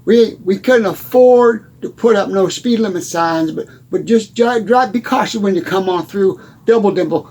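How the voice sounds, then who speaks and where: A man doing a rambling small-town country hick. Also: sits high. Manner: rambling, stammering, folksy drawl. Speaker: comedy character host. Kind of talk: character comedy monologue.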